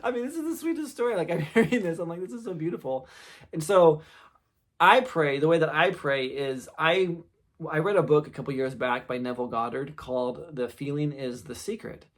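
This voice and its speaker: A man hosting his own podcast, telling a family story in a loose, casual way. He sounds fairly high for a man and keeps it animated, acting out the quotes. He is in his thirties or forties. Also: a little fast. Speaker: podcast host.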